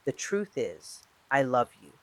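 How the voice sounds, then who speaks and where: A desperate woman on a phone call, pleading one moment and defensive the next, as a storyteller puts her on. Her lines come at a middling pitch. The delivery stays close to the storyteller's own reading voice. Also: big pitch swings, takes it slowly, fairly bright tone. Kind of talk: true-crime storytelling.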